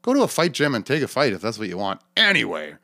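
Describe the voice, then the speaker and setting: A man in his forties, a comedian hosting a podcast, telling a rowdy story in a casual, swearing, animated way. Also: fast talker, no echo, clean studio sound. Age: 40s. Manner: animated, swearing, acts out quoted voices with jumps in pitch.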